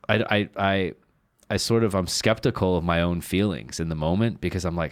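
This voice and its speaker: A man with a very low voice talks through a casual podcast conversation. He rambles candidly, piles up fillers and swears freely. The sound is dry and close to the mic. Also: no room sound. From lives in Shanghai, China. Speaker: podcast co-host. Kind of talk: casual chat.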